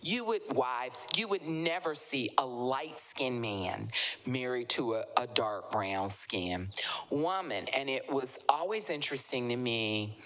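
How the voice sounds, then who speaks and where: Low-pitched southern-raised woman telling stories real slow, lively, does little voices for people. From American South. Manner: animated, acts out quoted voices. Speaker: author guest. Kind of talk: conversational storytelling. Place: live literary event.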